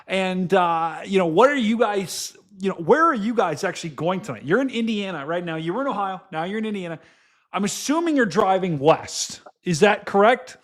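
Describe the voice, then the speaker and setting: A young man hosting a casual weather livestream, excitable and quick to exclaim and laugh. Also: sits high. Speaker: livestream weather show host.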